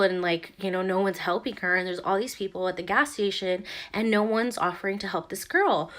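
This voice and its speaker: Young woman vlogger, mid-pitched, casual rambling storyteller, heavy on fillers. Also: fairly bright tone.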